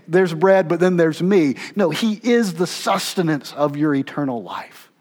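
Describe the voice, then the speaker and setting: A male pastor gives a conversational, animated sermon at a moderate pace with few pauses. He pushes his voice up for emphatic lines and drops low and soft for asides. Thinking aloud, he restarts phrases and keeps checking in with frequent "okay?"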